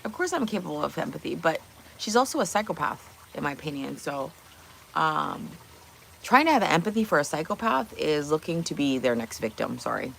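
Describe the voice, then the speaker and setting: A woman's voice: low-pitched, very animated, a little fast, gravelly, fairly bright tone, slight background noise. A woman hosting a casual livestream from her kitchen, blunt and opinionated, swearing and firing off rhetorical questions. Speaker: livestream host. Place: home kitchen.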